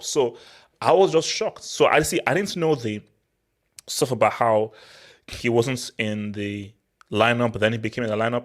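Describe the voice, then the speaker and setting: A young man from Nigeria hosting a casual football talk, excitable and prone to repeating words as he restarts his sentences. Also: mid-range voice, a little slow, pauses often. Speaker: football channel host. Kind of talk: casual football commentary monologue.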